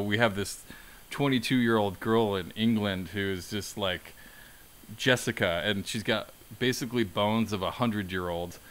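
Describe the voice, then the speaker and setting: A man's voice: lowish voice, fairly bright tone. A man hosting a casual film podcast, summarizing in an easygoing way with many fillers. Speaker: podcast host.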